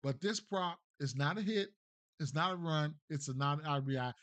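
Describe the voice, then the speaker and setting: A man with a fairly bright voice on the high side hosts a casual sports betting breakdown at normal speed, with no echo. He's loose and slangy, thinking aloud, trailing off and restarting, and checking in with "right?" as he goes.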